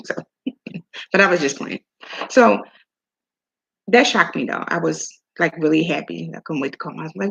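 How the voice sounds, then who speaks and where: A woman's voice: fairly low pitch, a little fast, vocal fry, long pauses, fairly bright tone, husky. A middle-aged woman from Maryland hosting a casual chat, telling chatty stories and acting out the dialogue. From Maryland, USA. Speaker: host. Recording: dull lo-fi sound.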